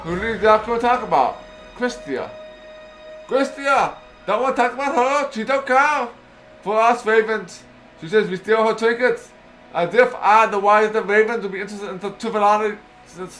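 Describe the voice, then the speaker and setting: A man's voice: sits high, normal speed, fairly bright tone, soft background music. A man voicing a boastful, self-important male raven in a fantasy game, breaking his speech with caws. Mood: grandiose. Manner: pompous, self-important, cawing.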